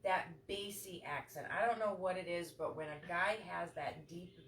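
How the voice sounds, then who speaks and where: A woman's voice: fairly low pitch, normal speed, fairly bright tone. A woman co-hosting a casual chat show, blunt and emphatic, swearing freely. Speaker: podcast co-host. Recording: echoey room from far off, faint noise.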